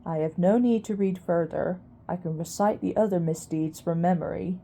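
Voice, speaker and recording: A woman voicing an ancient, wise old male mouse archivist who mutters in a squeaky near-whisper. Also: normal speed, vocal fry, warm tone, slight background noise. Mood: recounting.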